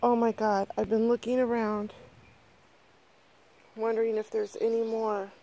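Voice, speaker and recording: A middle-aged woman films herself outdoors on her phone, her voice a touch high and her delivery slow and drawn out. She gushes breathlessly, swearing freely. Faint outdoor sounds sit behind her. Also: flat delivery, vocal fry, mellow. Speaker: vlogger. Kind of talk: excited casual vlog. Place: outdoors in a yard. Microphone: handheld phone camera.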